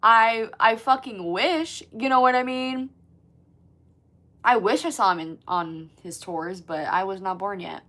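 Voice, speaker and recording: A woman's voice: medium pitch, measured pace. A woman in her twenties hosting a casual livestream, chatting to viewers and reading comments, swearing freely and filling her talk with "like". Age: 20s. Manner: chatty, swears often, lots of "like", animated. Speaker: livestream host.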